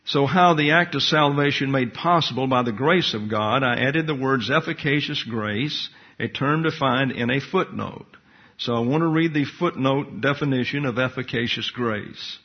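A man with a slightly husky, mid-range voice gives expository Bible teaching, methodically enumerating points and deliberately parsing Greek words. The recording sounds dull and muffled, like an old lo-fi tape.

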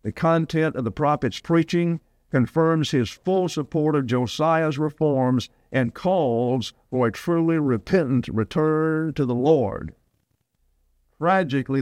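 A man's voice: fairly high pitch, a little mellow, dry recording. A man in his eighties from Alabama, preaching a sermon in a folksy, rambling way. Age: 80s. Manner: folksy, digressive storytelling. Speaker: pastor.

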